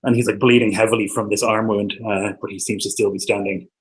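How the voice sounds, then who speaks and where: A man's voice: fairly low pitch, little pitch movement, quick pace, slight background noise, rough recording. A man narrating as dungeon master of a tabletop game, loose and hesitant, full of ums and likes.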